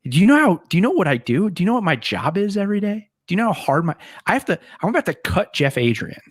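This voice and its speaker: An exasperated head coach fires off one incredulous question after another, his voice pushed higher and louder than normal talk, as a man acts him out. The delivery is dry and close, with no room sound. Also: lively intonation, a little fast, dry recording. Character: exasperated shouting male head coach, middle-aged.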